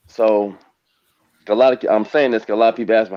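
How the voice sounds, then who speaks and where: A man's voice: lowish voice, steady tone, brisk, long pauses, dry recording, dull audio. A man in his forties from the United States, a retired professional basketball player, telling his life story in a rambling way on a panel. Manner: rambling storytelling, gets emotional. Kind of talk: panel conversation.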